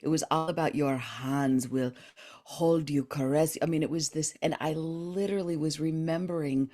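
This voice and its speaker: Woman host, low voice, gushy and chatty, laughs a lot. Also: fairly even intonation, normal speed, mellow. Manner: effusive, talkative, laughs often. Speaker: podcast host. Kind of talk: casual interview chat.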